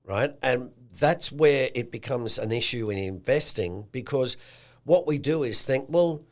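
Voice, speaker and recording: A man with an Australian accent hosting a casual podcast chat in an animated way, slipping into slangy bits of speech. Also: mid-range voice, unhurried. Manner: animated, acts out quotes with a slangy tone. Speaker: podcast host.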